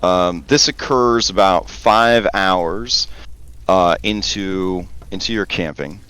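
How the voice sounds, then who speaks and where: A man narrating as game master in a relaxed, hesitant way with many pauses and ums. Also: low-pitched, smooth.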